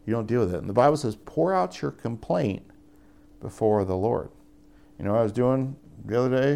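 A young adult man preaches in a casual, conversational way, his voice gravelly with fry. He often pushes into higher, more emphatic appeals, then settles back down. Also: lively intonation, brisk, dark tone. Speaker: pastor. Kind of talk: sermon.

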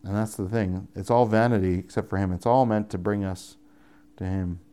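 A man's voice: fairly low pitch, fairly even intonation, normal speed, warm tone, clear, resonant tone. A young adult man preaching a conversational sermon as pastor, often rising into emphatic appeals.

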